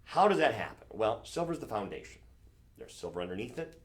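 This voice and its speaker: A man's voice: lowish voice, very animated, a little fast. Chatty man selling jewelry on air. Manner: chatty, corrects himself on the fly. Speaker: shopping channel host. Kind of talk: live-stream jewelry selling.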